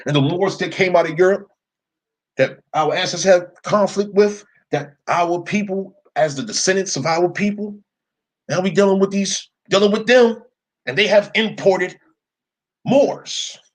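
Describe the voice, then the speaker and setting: A young man with a high voice speaks unhurriedly in a low-quality recording. He delivers a story as a profane, casual rant, using "yo" and "right?" for emphasis, much like a commentator.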